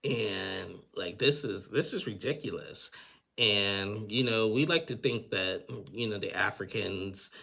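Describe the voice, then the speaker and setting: Male recapper, low gravelly voice, casual and rambling, with restarts. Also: a little slow, bright, forceful tone. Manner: rambling, with frequent restarts and chuckles. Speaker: TV recap host.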